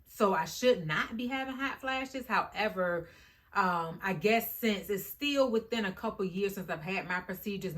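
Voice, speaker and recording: A woman with a fairly low speaking voice chats straight to her camera as a vlogger. She is animated and informal, and she keeps turning to her viewers as "y'all" and "guys". Her tone is loose and conversational. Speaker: YouTube vlogger. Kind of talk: casual talk to camera.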